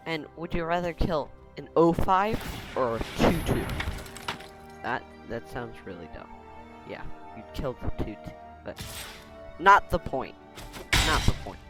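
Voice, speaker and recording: A man giving casual, joking commentary while playing a card game, sarcastic and quick to laugh at himself. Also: a little high. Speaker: gaming video host.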